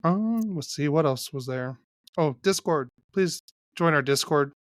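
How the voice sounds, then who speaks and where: A male podcast host chatting casually and wrapping up the show, often losing his train of thought. His voice is smooth and clear. It is recorded dry and close on the mic. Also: a little high, expressive, dry recording. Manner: loose, halting sign-off with restarts. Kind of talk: casual chat.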